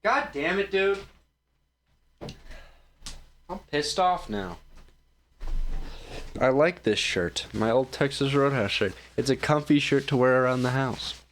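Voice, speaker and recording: A man with a mid-range voice, lively intonation, and a measured pace hosts his own stream, reacting to videos with loose, rambling commentary over slight hiss or hum. He sounds tired, keeps yawning, and jokingly pokes fun at himself.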